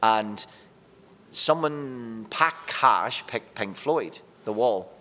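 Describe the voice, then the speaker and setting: A man in casual conversation, spilling out one rambling story after another and swearing freely as he goes. His voice sits at an ordinary middle pitch and carries a long reverb tail, as if he were recorded in a big, echoing room. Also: animated, extremely slow, bright, forceful tone. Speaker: radio presenter and podcast guest. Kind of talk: casual chat.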